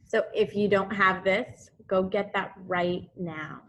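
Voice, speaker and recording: A woman teaches second graders over a video lesson, speaking into a computer mic. Her voice is bright and clear, and she talks slowly, repeating each term so the children can say it with her. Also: mid-range voice, steady tone, slight background noise. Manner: slow, repeating drills for young children. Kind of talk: remote class lesson.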